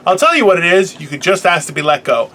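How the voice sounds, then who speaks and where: A man's voice: high-pitched, very animated, fast, sharp tone, slight background noise. A man co-hosting a podcast in casual comedic chat, profane, boastful and self-mocking. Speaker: podcast co-host.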